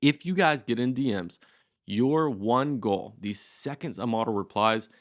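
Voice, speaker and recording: A man's voice: mid-range voice, measured pace, no room sound, clean studio sound. A man in his twenties teaching a casual tutorial, talking in a loose, slangy and blunt way. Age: 20s. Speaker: course host.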